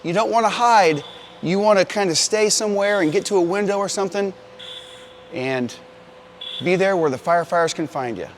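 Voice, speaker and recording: A man's voice: high-pitched, normal speed, slight background noise. A man, a firefighter, patiently explaining protective gear to children in plain words. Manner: patient, plain, talks straight to kids.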